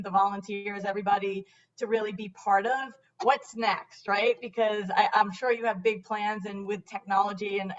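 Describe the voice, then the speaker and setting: A woman with a Staten Island New York accent, a board member talking earnestly in a halting, conversational way. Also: medium pitch, recorded from a distance, muffled recording. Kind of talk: conversational interview chat.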